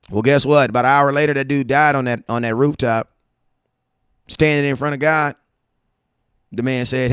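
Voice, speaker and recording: A man hosting a casual sports fan show, talking in an animated, slangy way with stories and asides. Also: medium pitch, fairly quick, pauses often, clear, resonant tone, no room sound, clean studio sound. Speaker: sports podcast host.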